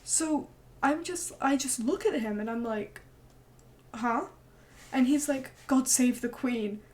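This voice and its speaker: In casual stream chat, a young woman with a voice that sits high tells a story at a measured pace. Animated and freely swearing, she acts out what others said.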